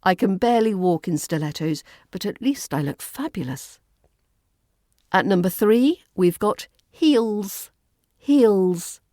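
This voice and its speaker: A woman with a British RP accent teaching pronunciation in a scripted lesson, enunciating clearly and repeating words for practice. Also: mid-range voice, lively intonation, takes it slowly, dark tone, dry recording, clean studio sound. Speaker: accent coach.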